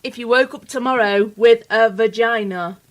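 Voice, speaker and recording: A woman's voice: fairly high pitch, moderate pace. A woman co-hosting an internet radio interview, throwing in cheeky asides with laughs. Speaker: radio co-host.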